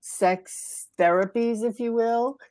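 A woman's voice: a little high, steady tone, takes it slowly, a little mellow, dry recording, studio quality. A woman hosting an interview, enthusiastic and affirming, laughing often. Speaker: host. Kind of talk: casual interview chat.

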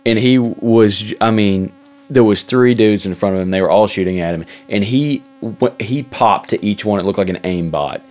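A fairly low-pitched man chats on a casual podcast. He rambles and hesitates, stringing thoughts together with fillers as he goes. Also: normal speed, a little mellow, faint music behind. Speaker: podcast co-host. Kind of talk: casual chat.

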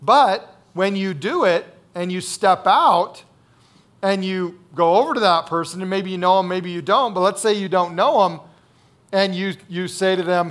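A man's voice: high voice, moderate pace, fairly bright tone. A man preaching a sermon as pastor, in a conversational way, repeating key phrases and checking in with the listeners. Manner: conversational, checks in with "right?" and "okay?".

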